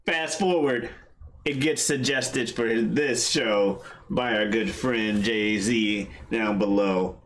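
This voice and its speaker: A man's voice: medium pitch, fairly even intonation, slow, a bit bright. Showy, playful male podcast host. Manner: playful, showy self-introductions. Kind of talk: casual podcast chat.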